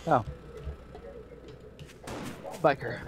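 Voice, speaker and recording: A man with hiccups playing a game with friends, making short, quiet remarks in casual chat. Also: extremely slow, noisy background. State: has hiccups. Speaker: co-player.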